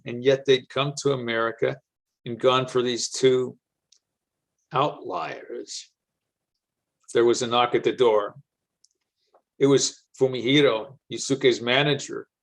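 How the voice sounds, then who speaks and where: Man, storybook narration, plain steady delivery, mid pitch. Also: vocal fry. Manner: even, matter-of-fact narration with casual slang in dialogue. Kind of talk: audiobook-style story reading.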